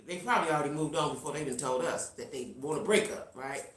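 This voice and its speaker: A middle-aged woman hosting a live stream, telling a personal story in a casual, animated way and talking straight to her viewers. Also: sits low, fast talker, reverberant. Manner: reads out viewer comments. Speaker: livestream host.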